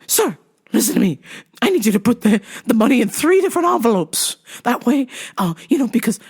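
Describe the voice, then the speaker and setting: A woman's voice: a little high, very animated, fairly quick, darkish tone, husky, pitched above the performer's own voice, exaggerated voice. A woman voicing a fussy, suspicious older woman customer who talks in a prim, fretful, insistent way.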